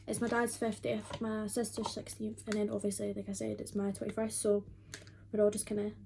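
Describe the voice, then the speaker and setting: A woman's voice: medium pitch, vocal fry, mellow, a little hiss or hum. A twenty-year-old woman, chatting casually and rambling with lots of fillers while doing her makeup at home. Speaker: beauty vlogger.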